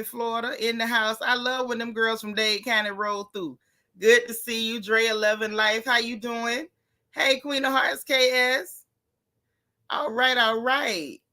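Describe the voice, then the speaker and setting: A middle-aged woman hosts a casual livestream, calling out viewers by name in a chatty, easygoing way. Her voice sits a little high and rings bright and sharp. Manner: warm, chatty, greets viewers by name with Southern slang. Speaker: livestream host.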